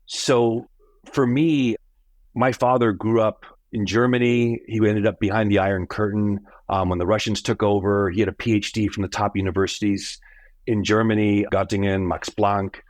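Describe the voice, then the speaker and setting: A middle-aged American man, a company founder, telling his family story as a podcast guest, animated, acting out the voices he quotes. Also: on the low side, moderate pace, no echo. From United States. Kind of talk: storytelling in an interview.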